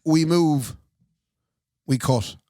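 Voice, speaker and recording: A man's voice: fairly high pitch, warm tone, no echo, clean studio sound. A young Irish man co-hosting a podcast in casual chat, wry and leading the topics along. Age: young adult. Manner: quick, wry, leads the segments. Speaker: podcast co-host.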